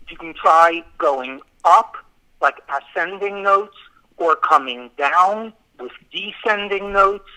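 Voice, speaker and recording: A man recapping a songwriting lesson into a phone, animated like a teacher who keeps breaking into sung examples. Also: high-pitched, slow pace, rough recording.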